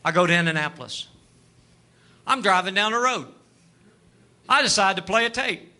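Midwest preacher guy, super bright tense voice, acts out all the dialogue, gets loud. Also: high-pitched, lively intonation, normal speed. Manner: storytelling, acts out dialogue, rises to shouting fervor. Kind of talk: sermon testimony.

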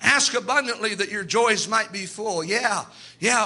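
A man preaches with fervour, acting out the people in his stories as he goes. His voice sits very high and rings with a sharp brightness. It is a sermon through and through. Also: measured pace, breathy edge.

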